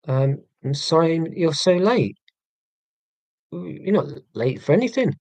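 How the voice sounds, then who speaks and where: A man's voice: on the high side, expressive, unhurried, vocal fry, long pauses, a little mellow, no room sound. Dry, self-mocking English man chatting. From England. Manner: dry, self-mocking, rambling with many ums. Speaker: live-stream host. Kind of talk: casual live-stream chat.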